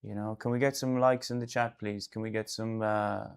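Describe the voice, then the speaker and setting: An Irish artist hosting a casual live stream, rambling loosely and breaking into sudden loud bursts now and then. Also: male voice, lowish voice, level tone, normal speed, gravelly, clean tone. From Ireland.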